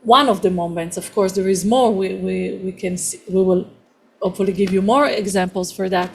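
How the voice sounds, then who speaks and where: A woman in her thirties teaching an online class, telling stories in a lively way and laughing often. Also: medium pitch, fairly quick. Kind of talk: class Q&A storytelling. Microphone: video call.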